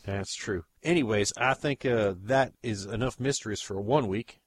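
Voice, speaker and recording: A man's voice: fairly low pitch, normal speed, a little hiss or hum. A man hosting a mock news report as a folksy interviewer. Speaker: host.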